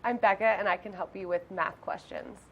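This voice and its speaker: A woman's voice: mid-range voice, fairly even intonation, a little fast, fairly bright tone, dull audio. A woman who teaches math, hosting a live call-in homework help show in a friendly way with frequent ums.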